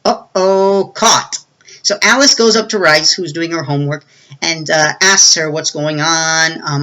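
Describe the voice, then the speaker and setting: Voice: mid-range voice, moderate pace, sharp tone, rough recording. A movie reviewer giving a casual, rambling plot recap with many fillers and restarts.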